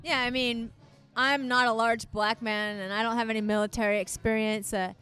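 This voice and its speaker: A woman's voice: fairly high pitch, steady tone, normal speed, sharp tone, smooth, faint music behind. An American woman co-hosting, sharing chatty, amused anecdotes in casual conversation, recorded close and dry. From United States. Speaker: podcast co-host. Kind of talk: casual chat.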